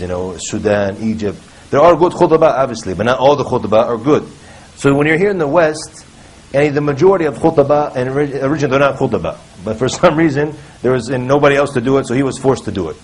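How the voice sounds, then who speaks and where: A man's voice: mid-range voice, expressive, fast, darkish tone, rough recording. A man speaking on a panel, thoughtful and hesitant, restarting his sentences often. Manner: hesitant, many fillers and restarts. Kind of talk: casual panel talk.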